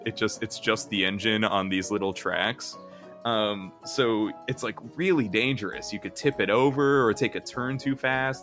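A man improvising a comedic movie pitch, rambling and halting with many restarts. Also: fairly bright tone.

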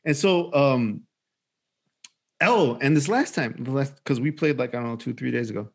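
A man in his forties casually chatting as a podcast co-host, telling an animated story with swearing and acted-out quotes. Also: mid-range voice, normal speed, breathy edge. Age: 40s. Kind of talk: casual chat.

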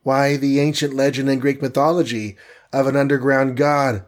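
A man reading aloud who voices a quick, alarmed young heroine with a raised, breathless pitch. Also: flat delivery, close to an everyday voice. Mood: thoughtful. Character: young adult woman hero, quick and alarmed.

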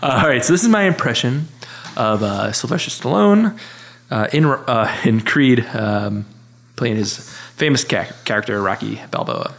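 A man's voice: mid-range voice, expressive, normal speed, vocal fry, a bit bright. Laughing, hesitant man in his thirties. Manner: hesitant, many fillers, laughs often. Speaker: podcast co-host. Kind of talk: casual chat.

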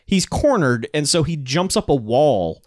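A man co-hosting a casual podcast, recapping a movie in an animated way and laughing often. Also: a little high, unhurried, dry recording, studio quality. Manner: animated storyteller, acts out bits, laughs often. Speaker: podcast co-host.

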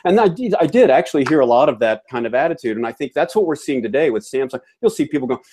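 A man's voice: medium pitch, animated, fast, a little mellow, slight background noise. Man from Georgia, co-host; folksy, opinionated casual chat. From Georgia, US South. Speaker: co-host of an appliance repair show.

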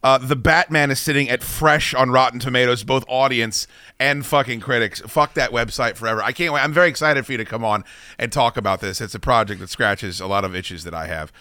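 A male talk-show host rants to his crew in a forceful, bright voice, swearing his way through an animated tirade. The sound is dry and close, with no room in it. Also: medium pitch, brisk, no echo. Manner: profane, animated venting. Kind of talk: casual chat and ranting.

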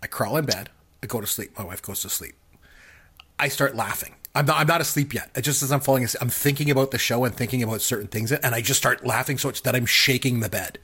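Husky man in casual podcast chat. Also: medium pitch, quick pace. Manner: animated storytelling, laughs at his own stories. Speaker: podcast co-host.

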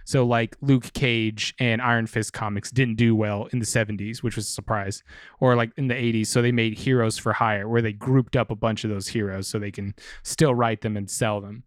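A man's voice: fairly low pitch, steady tone, normal speed, dry recording, clean studio sound. A man co-hosting a podcast, chatting casually and rambling, with some swearing. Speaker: podcast co-host. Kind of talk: casual chat about comics.

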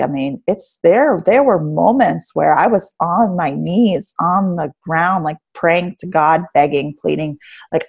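With a low, creaky, slightly rough and a little mellow voice, this life coach, a woman in her thirties or forties, speaks at a measured pace on a casual podcast. Earnest and reflective, she describes rebuilding her life, sprinkling in lots of "um" and "like".

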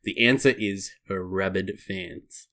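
A man's voice: low-pitched, slow, a bit bright. A man hosting a podcast, reading a prepared segment with wry asides and casual swearing. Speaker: podcast host.

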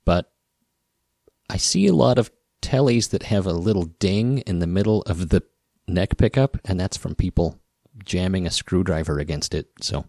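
A podcast host with a rural Western Midwest American accent talks casually in a low, slightly mellow voice. He rambles with a wry edge, often cutting himself off and starting over. The studio recording is clean and dry, with no room sound.

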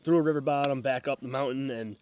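A man's voice: medium pitch, fast talker, darkish tone. A man hosting a casual hunting trip recap, telling the day's story in a laid-back way and swearing casually.

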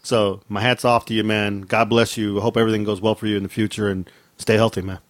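A man's voice: on the low side, little pitch movement, fast, no room sound. A man in a podcast chat giving earnest, heartfelt praise with loose phrasing.

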